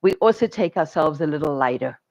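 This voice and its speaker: A woman minister giving a sermon, telling stories in an animated way and laughing often. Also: deep voice, a little fast, poor audio.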